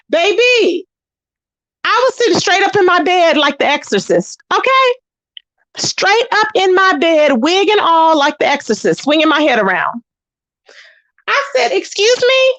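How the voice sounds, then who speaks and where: A woman's voice: fairly bright tone, no echo. A woman hosting a casual gossip commentary channel, sassy and dramatic, talking straight to her viewers as "child" and "baby". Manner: dramatic swoops up into high exclamations.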